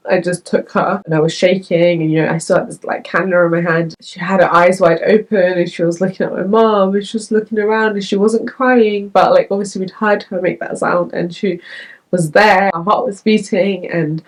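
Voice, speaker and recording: A young woman vlogger telling her story to the camera in a candid, chatty way, full of fillers, from the United Kingdom. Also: on the low side. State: tearful.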